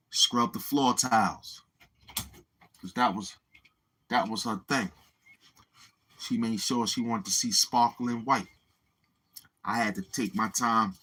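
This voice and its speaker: Man, livestreamer, casual rambling talk, swears, addresses viewers, husky voice. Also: mid-range voice, bright, forceful tone, rough recording. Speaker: YouTube livestreamer.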